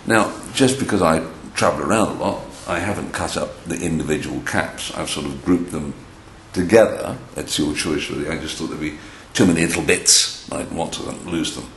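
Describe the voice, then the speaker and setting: A man's voice: very deep voice, moderate pace. A man, a storyteller, chatting casually while he shows felt figures and tells a children's story indoors. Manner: chatty, animated, addresses children. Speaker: storyteller demonstrating felt boards. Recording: roomy echo, faint background hiss.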